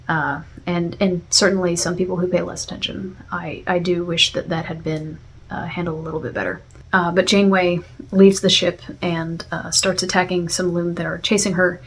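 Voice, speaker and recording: A woman's voice: on the low side, a little hiss or hum. A woman talking through a series review in a casual, reflective way, with many fillers and restarts. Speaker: video essayist.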